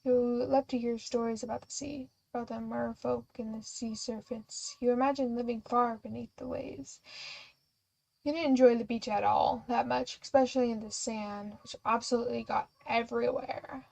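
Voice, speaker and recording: A woman's voice: a little high, fairly even intonation, normal speed, creaky, a little mellow, low-quality recording. A young woman streamer reading a story game aloud, breaking off into giggly, chatty asides. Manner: giggly, chatty, self-interrupting.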